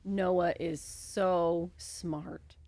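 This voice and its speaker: Lady podcast cohost, low voice with some fry, dry close mic, very chatty. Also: fairly even intonation, extremely slow, darkish tone, dry recording. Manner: conversational, frequent "right?" and "like". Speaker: podcast co-host. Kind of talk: casual podcast conversation.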